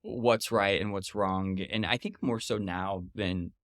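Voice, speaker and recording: A man's voice: fairly low pitch, steady tone, a little slow, no echo, studio quality. A man in his thirties, a podcast guest talking casually and chattily, full of fillers and quoted retorts. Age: 30s.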